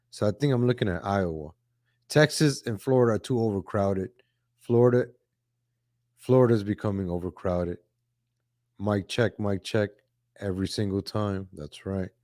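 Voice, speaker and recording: Male streamer, casual and rambling, keeps addressing the audience, average pitch, dry mic. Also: dry recording. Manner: chatty and repetitive, often says "ladies and gentlemen"; reads viewer chat names aloud. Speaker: livestream host. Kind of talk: casual political commentary stream.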